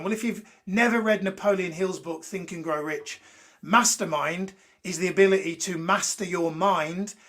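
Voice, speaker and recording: A man's voice: sits high, fairly bright tone. A man from Birmingham hosting a live motivational show, blunt and ranty, swearing freely and joking with viewers. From Birmingham, England. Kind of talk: unscripted motivational talk to a live chat.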